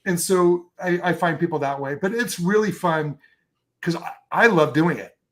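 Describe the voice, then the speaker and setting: A man's voice: fairly high pitch, moderate pace, fairly bright tone. A man chatting as a photographer guest in an interview, telling long enthusiastic stories with lots of fillers and restarts. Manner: enthusiastic, rambling storyteller with many fillers. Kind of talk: casual interview chat.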